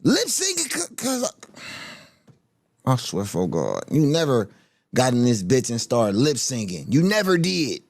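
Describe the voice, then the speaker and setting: A man's voice: mid-range voice, very animated, moderate pace, a little mellow, no room sound. A man hosting a stream, reacting to music clips in blunt, profane, mocking casual commentary. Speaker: host reacting to music videos.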